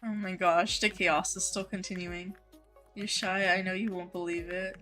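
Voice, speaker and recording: A woman's voice: lowish voice, level tone, moderate pace, sharp tone, faint music behind. A woman game streamer chatting casually with her viewers, full of "um" and "like" and easy laughs. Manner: chatty, filler-heavy with frequent 'like' and 'um', easy laughs. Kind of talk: casual live-stream chat reading chat messages.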